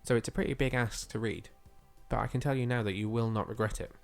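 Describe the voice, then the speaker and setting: A man's voice: medium pitch, steady tone, fast talker, vocal fry, soft background music. Chatty man, voice slightly worn. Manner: chatty and enthusiastic, with frequent fillers. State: slightly losing his voice. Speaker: podcast co-host. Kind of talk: casual podcast chat.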